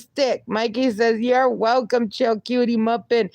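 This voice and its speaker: A woman's voice: on the high side, fairly even intonation, a little slow, hardly any pauses, a little mellow, no room sound, highs cut off. A young woman hosting a casual livestream, reading viewer comments aloud and answering them with upbeat encouragement, laughing often and swearing a little. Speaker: livestream host.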